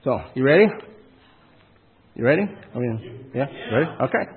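A man's voice: medium pitch, lively intonation, moderate pace, pauses often, breathy edge. A man preaching a sermon in a folksy, punchy way, asking the listeners questions and hitting key words hard. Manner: folksy, punchy preaching with rhetorical questions and sudden loud emphasis. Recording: tinny phone-like sound.

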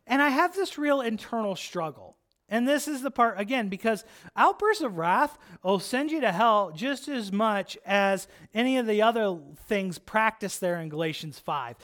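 A man preaching, telling a personal story in an animated, chatty way, with lots of "like" and "right?". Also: high voice. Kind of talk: storytelling sermon.

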